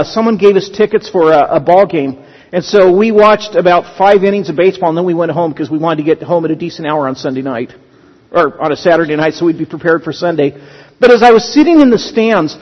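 High-voiced man preaching in a reverberant hall. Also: dull audio. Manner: conversational storytelling with frequent restarts. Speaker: pastor. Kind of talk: sermon.

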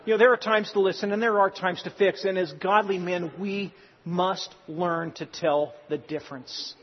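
A man's voice: high-pitched, fairly even intonation, moderate pace, a little hiss or hum. A man preaching a sermon in an earnest, exhorting way with joking asides. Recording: reverberant hall, dull lo-fi sound.

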